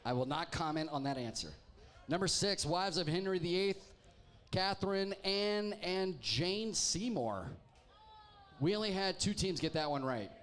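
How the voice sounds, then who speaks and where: A man's voice: sits high, animated, measured pace, a bit bright. A man hosting a live pub trivia night, reading team names with wry, teasing jokes to the crowd. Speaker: trivia host. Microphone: handheld microphone.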